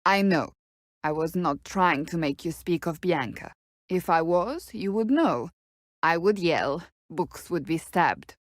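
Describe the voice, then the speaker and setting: A stern, blunt warrior woman, curt and formal in every reply. Her voice sits a little low, recorded completely dry for a video game. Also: animated, slow, no room sound. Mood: rueful. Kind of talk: video game companion dialogue.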